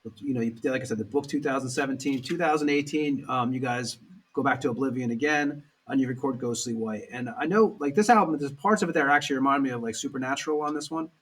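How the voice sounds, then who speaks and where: Husky guy hosting a podcast, sits back from the mic, rambles his questions. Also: mid-range voice, fast, far from the mic. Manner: meandering questions with fillers. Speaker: podcast host. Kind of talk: casual interview.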